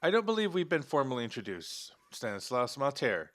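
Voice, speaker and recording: A man plays a smooth, snobbish gentleman uncle in a story game, courteous on the surface and ingratiating underneath. The put-on French accent stays polished throughout, and the tone has a bright edge. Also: medium pitch, very animated, a little fast. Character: suave, snobbish middle-aged gentleman uncle.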